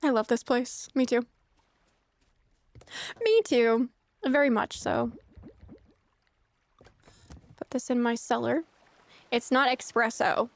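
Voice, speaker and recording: A woman's voice: fairly high pitch, slow, vocal fry, long pauses, dry recording. A young woman streaming a game, chatting casually with rambling asides and frequent laughter. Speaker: streamer playing a farming game. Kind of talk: casual let's-play chat.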